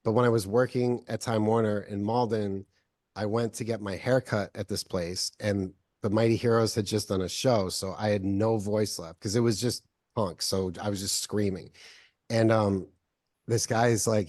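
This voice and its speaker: Low-voiced man telling stories in an interview. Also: fairly even intonation, normal speed, darkish tone, dry recording, studio quality. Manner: rambling, heavy use of "like" fillers. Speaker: filmmaker guest. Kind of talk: casual interview storytelling.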